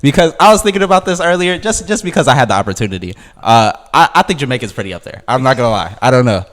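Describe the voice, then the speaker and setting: A man's voice: mid-range voice, lively intonation, fast talker, a bit bright. A man hosting a casual podcast chat, easygoing and asking the others questions. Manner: easygoing, agreeable, asks questions. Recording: long room reverb.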